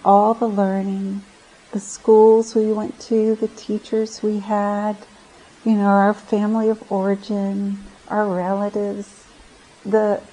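Slow, mellow-voiced woman giving a dharma talk. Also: mid-range voice, slight background noise, poor audio. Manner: gentle, reflective, with halting restarts. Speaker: meditation teacher. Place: meditation retreat center.

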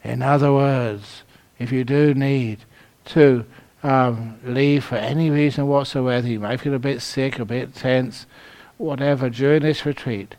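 Meditation teacher, London-born man: slow, warm-humored storyteller, mid-pitched. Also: fairly even intonation. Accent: London English. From London, England. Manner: humorous storytelling, chuckles at his own jokes. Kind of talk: retreat dharma talk.

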